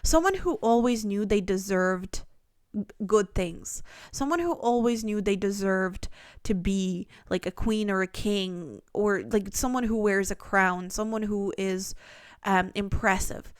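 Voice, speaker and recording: Smooth-voiced woman giving a tarot reading. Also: mid-range voice, a little slow, no room sound, studio quality. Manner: earnest, rambling, full of fillers and restarts. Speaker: tarot reader. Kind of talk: pick-a-card tarot reading.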